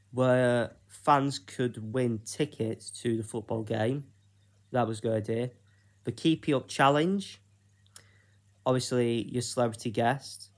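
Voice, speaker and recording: A man from Britain talking through his own ideas in a casual solo vlog, unhurried and hesitant, with plenty of ums and pauses. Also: mid-range voice. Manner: unhurried, hesitant, with frequent fillers. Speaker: YouTuber.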